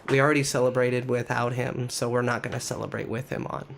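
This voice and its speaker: A sick man with a nasal voice co-hosting a casual podcast, joking in a dry, deadpan way. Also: medium pitch, quick pace, creaky, a little hiss or hum. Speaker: podcast co-host.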